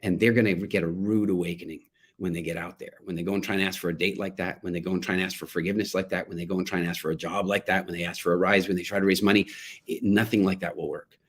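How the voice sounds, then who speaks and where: A man's voice: low voice, little pitch movement, fast, slightly rough. A middle-aged man speaking to parents, telling a family story and acting out the quotes. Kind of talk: talk to parents.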